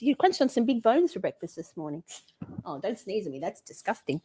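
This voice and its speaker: A woman's voice: medium pitch, very animated, a little fast, mellow, husky, no echo. A woman hosting a live stream, chatting casually, greeting viewers by name with a bubbly, sweary manner. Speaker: livestream host.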